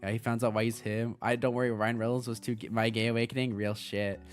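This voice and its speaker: A young man chatting casually on a livestream as a VTuber streamer, excitable, laughing often and swearing freely. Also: mid-range voice, quick pace, soft background music.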